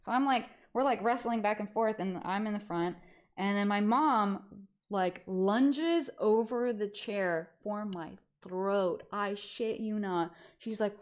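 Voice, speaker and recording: A young woman streamer casually telling a story, animated and swearing freely, acting out the voices of people she quotes. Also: mid-range voice, slow pace. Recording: slightly dull lo-fi audio.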